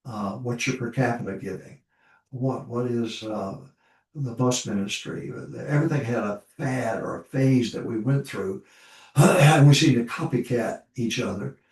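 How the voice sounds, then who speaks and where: A man's voice: medium pitch, a little slow, a little mellow. An older male pastor talks informally, telling folksy stories and driving his points home by repeating them. His voice sits in a middle range. It sounds roomy, picked up from well off the mic. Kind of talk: informal ministry talk. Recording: roomy echo, voice from far off the mic.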